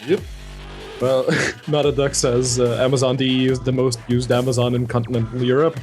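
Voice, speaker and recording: A man's voice: medium pitch, level tone, fairly quick, darkish tone, soft background music. A young man co-hosting a podcast, chatting in an easygoing way and laughing often. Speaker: podcast co-host. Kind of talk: casual podcast chat.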